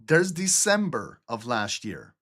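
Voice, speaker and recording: A man from Albania teaching a live trading lesson over a screen share, animated and talkative, repeating "okay?" and "look" and swearing now and then. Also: medium pitch, takes it slowly, husky. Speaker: trading instructor.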